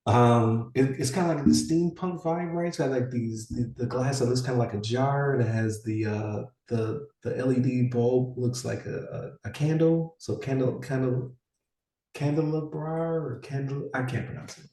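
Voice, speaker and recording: A man's voice: mid-range voice, normal speed, few pauses, warm tone, far from the mic. A man in his forties, co-hosting a podcast in rambling casual chat with many fillers and restarts. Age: 40s. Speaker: podcast co-host. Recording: echoey room, somewhat off-mic.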